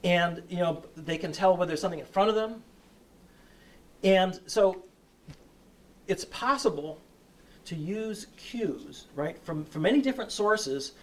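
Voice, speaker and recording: A man lecturing from some distance off the mic, his voice a bit high for a man. He answers questions in a loose, halting way, restarting phrases and tagging them with "right?". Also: lively intonation. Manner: hesitant, restarts, says "right?" often.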